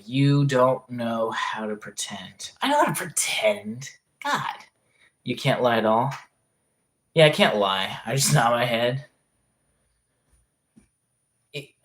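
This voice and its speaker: Casual livestreamer, mid-pitched voice, talks in fits and restarts, reacts to chat. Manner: rambling, self-interrupting, reacting to chat messages; swearing freely.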